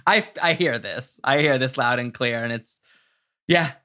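A woman hosting a podcast, chatting casually and laughing often, quick to agree. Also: rumbling low, pushed and bright. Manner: giggly, quick with agreeing backchannels. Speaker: podcast host. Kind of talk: casual chat.

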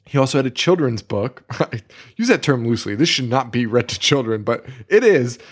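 A man's voice: mid-range voice, a little fast, breathy edge. A man co-hosting a podcast, talking casually and ranting with a lot of swearing. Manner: profane, ranting, animated. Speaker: podcast co-host. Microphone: studio microphone.

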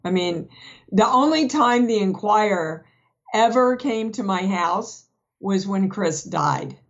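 A woman's voice: medium pitch, animated, slow pace. A woman, a guest actress in a candid podcast conversation, talking frankly and acting out remembered dialogue. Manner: frank storyteller, acts out quoted dialogue. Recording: dull lo-fi podcast audio.

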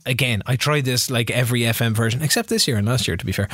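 A man's voice: mid-range voice, fast talker, a bit bright, no echo, clean studio sound. Chatty man with a long anecdote. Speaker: podcast co-host. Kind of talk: casual chat.

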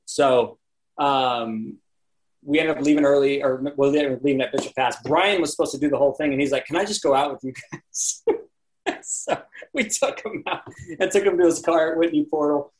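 A man on a podcast telling a story in a relaxed, chatty way. His voice sits a little high. He slips into other people's voices for quotes and laughs easily. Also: brisk, rough recording. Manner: animated storyteller, acts out quotes, laughs often. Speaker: podcast guest, landscape photographer. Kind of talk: casual storytelling interview.

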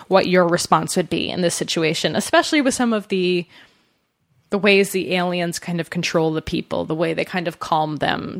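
A woman's voice: on the low side, dry recording, studio quality. A woman co-hosting a podcast, discussing a novel in a chatty, hesitant way with many fillers. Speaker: podcast co-host. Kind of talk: casual book discussion.

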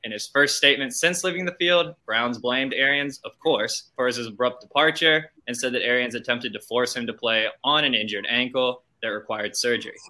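A man presents a scripted news story as the show's intern and slips in wry, mocking remarks. His voice is very bright and sharp. His pitch sits in the middle of the usual range. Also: moderate pace, hardly any pauses.

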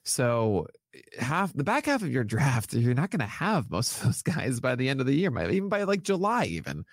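A man co-hosting a podcast in casual, enthusiastic chat, his pitch swinging widely as he gets excited. The voice sits close and dry, with no room sound around it. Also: moderate pace, no echo. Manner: animated, enthusiastic, jokey. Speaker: podcast co-host, fantasy baseball analyst.

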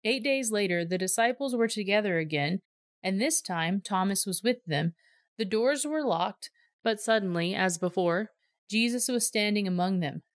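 A woman reading a Bible passage aloud in a clear, measured storytelling voice. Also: mid-range voice, lively intonation, no room sound, studio quality. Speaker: scripture reader.

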